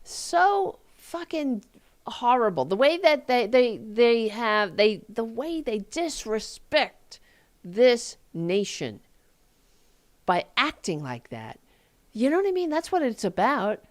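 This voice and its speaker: A woman's voice: sing-song, slow. Heated, profane woman host. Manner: heated, profane, sarcastic, voice jumping high in mockery. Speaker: talk show host. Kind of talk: angry political rant on a live show. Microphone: desk microphone.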